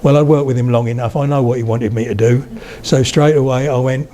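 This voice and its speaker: The voice is a man's, mid-range and mellow, with fairly even intonation, a brisk pace, and few pauses. He's an older lecturer on spoken English speaking at a public talk before roughly eighty people, telling chatty anecdotes and checking in with the room.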